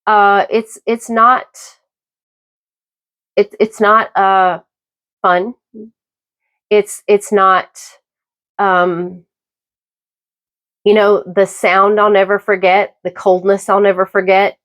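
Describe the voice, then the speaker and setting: A middle-aged woman hosting her own podcast, talking through a personal, opinionated monologue in a halting, emphatic way. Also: mid-range voice, little pitch movement, fairly bright tone. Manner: emphatic, halting with repeated restarts. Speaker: podcast host.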